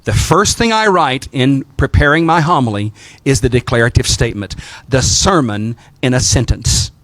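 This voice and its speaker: A middle-aged Orthodox priest from the American South teaches clergy to preach, his Southern accent carrying folksy stories and repeated phrases. His voice is mid-range and a bit bright, at a moderate pace, in a dry recording.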